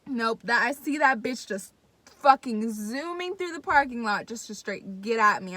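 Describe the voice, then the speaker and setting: Excitable, foul-mouthed young woman vlogger. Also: a little high, normal speed, slight background noise. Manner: excitable, profane, addresses viewers directly. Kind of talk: casual storytelling to camera.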